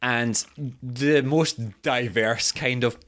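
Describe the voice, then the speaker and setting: A man's voice: medium pitch, a bit bright. Chatty Scottish man, swearing host. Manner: chatty, swears freely, quick reactions. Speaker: podcast host. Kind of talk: casual chat.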